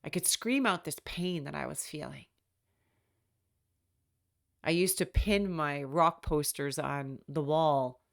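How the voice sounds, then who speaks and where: A woman in middle age recounts her life as a podcast host. Her voice sits low and carries a gravelly rasp. She sounds reflective and wry, and she slips into the voices of the people she quotes. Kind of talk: personal storytelling.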